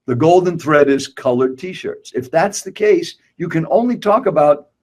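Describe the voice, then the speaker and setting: A man's voice: on the high side, expressive, moderate pace, darkish tone. An older man teaching public speaking, emphatic and direct, asking rhetorical questions. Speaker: guest speaker. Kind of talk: motivational speaking coaching.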